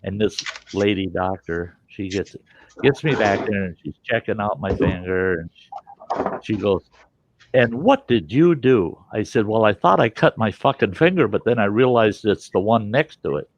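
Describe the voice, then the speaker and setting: A low, gravelly man spins a casual story with plenty of swearing and acts out every character in it. The audio is dull and lo-fi, with faint noise under the voice. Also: moderate pace. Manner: animated, profane, acts out the people in his story. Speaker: host telling a story.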